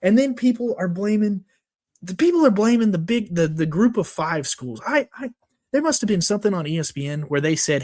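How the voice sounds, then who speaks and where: Guy on a podcast getting all fired up ranting, voice a bit on the high side. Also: fairly quick. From Texas. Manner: worked-up, animated ranting. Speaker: podcast co-host. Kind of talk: casual sports rant.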